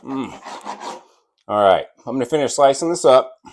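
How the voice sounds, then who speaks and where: A man hosting a barbecue vlog, slicing and tasting brisket, enthusiastic and sometimes talking with his mouth full. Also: mid-range voice, animated. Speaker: barbecue channel host. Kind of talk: casual cooking vlog while slicing and tasting.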